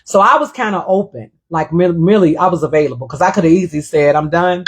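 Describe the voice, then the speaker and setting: Emotional, husky-voiced woman talk host. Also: fairly low pitch, fast talker. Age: middle-aged. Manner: reflective, emotional, repeats phrases. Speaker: show host. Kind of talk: personal storytelling monologue.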